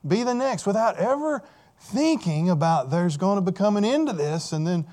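Guy preaching, kinda high voice, hammers the same lines over and over, keeps asking do you get it. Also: expressive, normal speed, warm tone. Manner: emphatic, repeats key phrases, asks the audience questions. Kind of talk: sermon.

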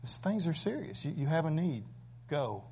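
A man's voice: a little high, big pitch swings, normal speed, a little mellow, a little hiss or hum. A man preaching a sermon, emphatic and full of rhetorical questions. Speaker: pastor. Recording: dull lo-fi recording.

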